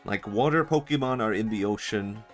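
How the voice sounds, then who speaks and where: A man's voice: on the low side, normal speed, soft background music. A young man streaming a game, chatting in a playful, rambling way and laughing often. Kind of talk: casual gameplay commentary.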